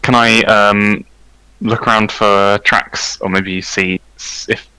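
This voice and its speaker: A man playing a tabletop game, excitable and quick to laugh. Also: lowish voice, smooth, no echo, rough recording. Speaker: player. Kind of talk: tabletop role-play.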